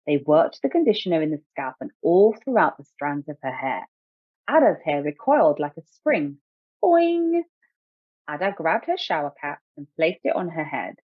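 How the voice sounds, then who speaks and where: A woman author reading her own picture book aloud in a clear storytelling way. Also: deep voice, sing-song, moderate pace, no room sound. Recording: dry tinny phone-like sound.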